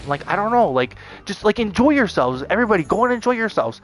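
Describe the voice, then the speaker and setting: A man's voice: sits high, very animated, a little fast, hardly any pauses, a bit bright. A man venting in a vlog monologue, swearing often and repeating himself with lots of fillers. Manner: profane, repetitive ranting with many fillers. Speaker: vlogger.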